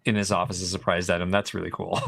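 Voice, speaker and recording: Bright-voiced guy co-hosting a stream, teasing and laughing a lot, dry close sound. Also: deep voice, flat delivery, fast, vocal fry, no room sound. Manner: joking and teasing, laughs easily, reads chat aloud. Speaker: podcast co-host. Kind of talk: casual live-stream chat.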